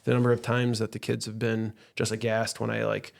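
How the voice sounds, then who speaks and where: A man police officer with a Wisconsin accent, chatting in an easygoing, halting way on a podcast. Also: lowish voice, monotone, gravelly, slight background noise. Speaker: school resource officer. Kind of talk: casual podcast chat.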